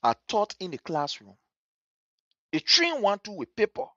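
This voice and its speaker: Liberian host, lively, emphatic voice. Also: mid-range voice, normal speed, no room sound, dull audio. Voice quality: passionate, emphatic, repetitive. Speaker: livestream host. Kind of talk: angry live commentary over a video.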